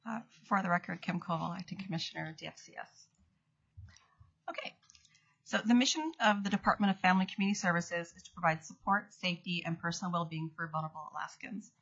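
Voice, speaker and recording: A woman's voice: fairly low pitch, fast talker, a bit bright, slightly rough. A woman, an acting state commissioner, reading prepared testimony at a hearing and correcting small slips as she goes. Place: legislative hearing room. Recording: dull lo-fi hearing audio.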